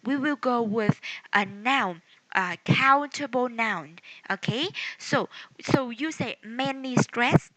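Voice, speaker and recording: A woman runs an online English lesson over a video call. She speaks slowly in a bright, clear voice, patiently guiding students and gently fixing their grammar. The sound is dry and close. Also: on the high side, no echo, low-quality recording. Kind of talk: online class moderation.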